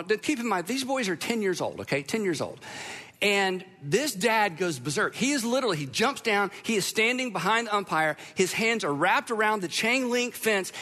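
A man speaks to an audience in a fairly high voice, telling a story with animated, self-deprecating humor. His tone is bright and forceful. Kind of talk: storytelling talk to a live audience.

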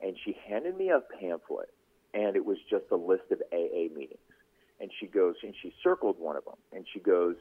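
A news anchor and podcast host, this man talks a little fast in a low, husky voice while telling his story as a radio interview guest. The chat is casual, he vividly acts out the quoted voices, and the phone-line audio is tinny.

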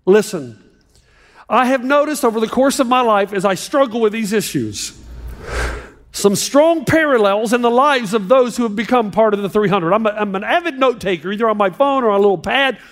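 A man preaching a sermon as pastor, animated and joking with a live audience in a large hall. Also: sits high, brisk. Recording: long hall reverb.

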